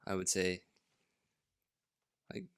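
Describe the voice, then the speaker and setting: A man's voice: slow, no room sound, clean studio sound. A young man co-hosting a podcast in a laid-back, casual way, swearing freely. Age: young adult. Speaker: podcast co-host. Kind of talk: casual chat.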